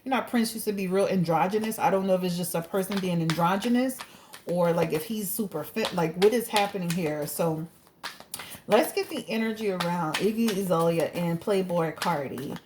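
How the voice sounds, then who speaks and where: A woman hosting her own tarot channel, chatting in a lively, gossipy way with laughing asides. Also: fairly low pitch, normal speed, noisy background. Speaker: tarot reader and channel host. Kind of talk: casual gossip chat before a tarot reading.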